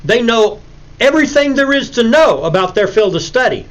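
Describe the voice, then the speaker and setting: Animated preacherly man lecturing. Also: extremely high pitch, normal speed, rough recording. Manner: preacherly, acts out anecdotes with sudden loud emphasis. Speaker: Bible lecturer. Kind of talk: recorded Bible lecture.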